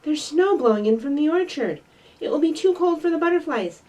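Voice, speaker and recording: A woman voicing an excited young male woodland animal, gasping out urgent warnings. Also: sits high, brisk, recorded from a distance, voice pushed up. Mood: breathless alarm.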